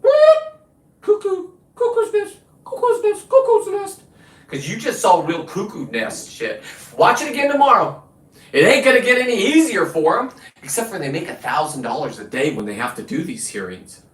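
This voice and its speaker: A man's voice: on the high side, very animated, a little fast, a bit bright. A man hosting his own show, delivering a combative, boastful, profane rant. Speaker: show host. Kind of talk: profane ranting monologue. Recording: roomy, distant from the mic.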